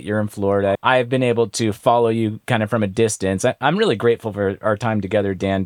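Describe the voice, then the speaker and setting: A male podcast host with a fairly low voice speaks to his guest with open, effusive admiration. His sound is dry and close, with no room around it. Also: dry recording. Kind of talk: interview hosting. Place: Washington State.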